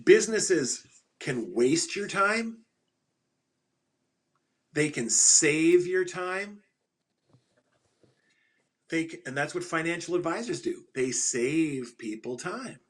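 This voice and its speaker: A man's voice: on the high side, lively intonation, slow pace, pauses often. A middle-aged man speaking as a guest on an interview show. He tells stories with emphasis, repeats his punchlines, and laughs at his own jokes. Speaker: podcast guest, financial advisor. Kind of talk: animated interview storytelling.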